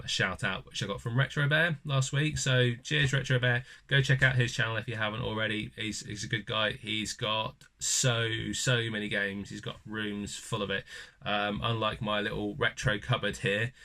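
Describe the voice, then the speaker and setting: A man talking through a casual gaming vlog in a slightly low voice with a bright, forceful edge. He rambles easily, filling gaps with ums as he goes. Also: steady tone, moderate pace, creaky. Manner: rambling with many ums, easygoing shout-outs. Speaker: gaming channel host.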